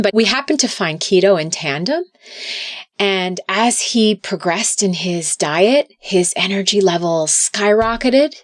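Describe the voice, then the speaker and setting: A woman's voice: mid-range voice, dry recording, studio quality. A middle-aged woman talking earnestly as a podcast guest, sometimes repeating words as she restarts. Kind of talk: casual interview talk.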